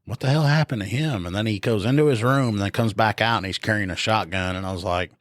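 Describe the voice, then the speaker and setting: A man's voice: on the low side, quick pace, dry recording. Laughing man, dry close sound. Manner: laughs often, tells stories with quoted lines. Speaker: podcast co-host. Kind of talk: casual chat.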